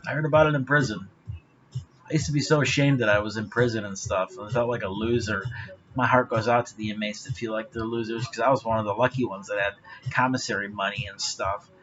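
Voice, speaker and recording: A man's voice: fairly low pitch, steady tone, fast, highs cut off, crowd noise. A man talking straight to his viewers in a rambling, profane monologue, laughing often. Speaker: vlogger.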